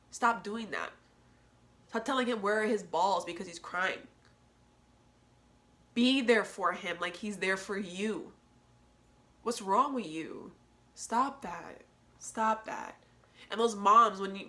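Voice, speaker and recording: Young female podcast host, bright tone, earnest and preachy, laughs a lot. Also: mid-range voice. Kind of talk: candid solo podcast talk.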